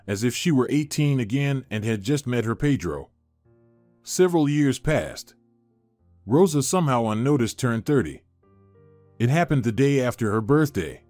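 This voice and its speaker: A man narrating a sentimental story in an even, measured voice of middle pitch. Soft music plays faintly beneath his reading. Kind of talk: scripted narration.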